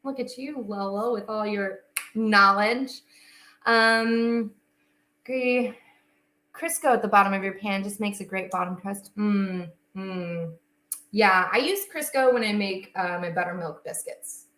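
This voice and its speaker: A woman's voice: mid-range voice, a little slow, fairly bright tone, reverberant, poor audio. A young woman hosting a casual baking livestream from her home kitchen, chatting and answering viewers' comments as she works.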